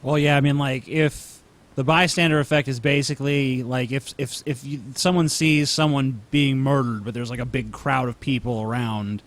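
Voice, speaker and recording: Laid-back, wry podcast co-host. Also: male voice, medium pitch, fairly even intonation, normal speed. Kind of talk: casual podcast chat.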